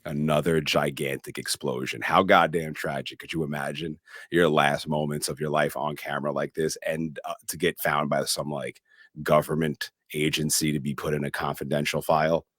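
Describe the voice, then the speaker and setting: A man with an extremely deep voice tells the story of a film, co-hosting a casual podcast. He narrates in an animated way and drops in sound words for effect. His voice is recorded dry and close, with no room sound. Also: moderate pace, dry recording. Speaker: podcast co-host. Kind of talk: casual movie recap.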